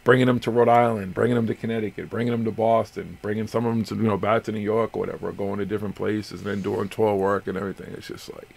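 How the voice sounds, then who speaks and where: A man hosting a casual late-night radio chat, telling stories in a loose, profane and animated way. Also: lowish voice, fast talker, gravelly, few pauses. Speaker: radio show host.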